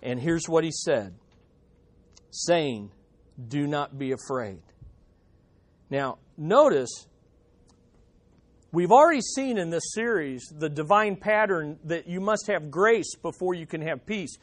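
A man's voice: fairly high pitch, animated, takes it slowly. A man preaching a sermon, stressing points by repeating them. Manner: emphatic, repeating key phrases. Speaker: pastor.

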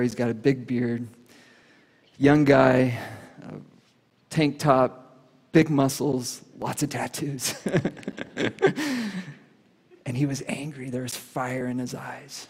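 A male pastor delivers a sermon in an earnest storytelling voice of middling pitch. He drops to a near hush for the solemn moments. His voice rings with the long reverb of a church hall. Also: measured pace.

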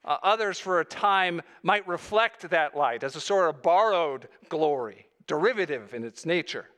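Earnest higher-voiced male pastor preaching. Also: animated, normal speed, a bit bright. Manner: earnest preaching, rising emphasis on key phrases. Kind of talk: sermon.

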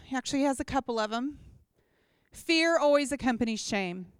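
A woman giving a chatty, animated personal testimony to a gathering, often checking in with listeners. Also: high-pitched, normal speed, smooth, dry recording, clean studio sound. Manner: chatty, animated storytelling with props. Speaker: speaker at a church gathering.

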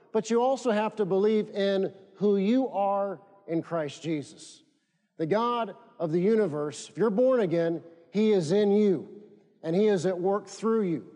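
High-pitched man preaching, mellow voice, long hall echo, gets people to say lines back. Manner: emphatic, leads congregation in call-and-response. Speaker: pastor. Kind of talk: sermon.

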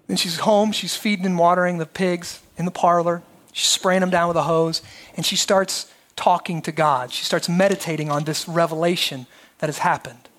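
A man with a high-pitched voice teaches a short story. He reads passages aloud with dramatic emphasis and swells in intensity. Between readings he explains in a plain lecturing tone. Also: moderate pace. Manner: expressive, rising to dramatic emphasis.

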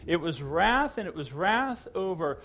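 Middle-aged male pastor, high lively voice, animated sermon storytelling. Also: a little slow, slight background noise. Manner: animated storytelling with repeated restarts.

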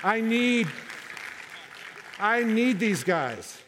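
A man preaching a sermon to a congregation, animated and joking, often repeating and restarting his words. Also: sits high, drawn-out words, a crowd in the background, noisy background. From Southern United States, half his family.

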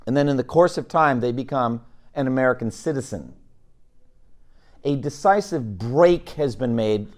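A middle-aged man preaching a sermon, animated, rising loud for emphasis and dropping low. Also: moderate pace.

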